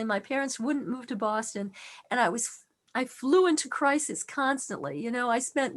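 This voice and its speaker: Woman, high voice, middle-aged, earnest storytelling talk on faith. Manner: earnest, softens to a hush on tender lines. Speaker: speaker on faith.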